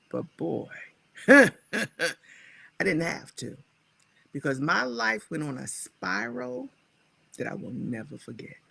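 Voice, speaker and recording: A woman guest speaker, a scholar and writer, telling her personal story in a reflective, animated way. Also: on the low side, creaky, slightly rough, no room sound. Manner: animated, acts out her own past dialogue.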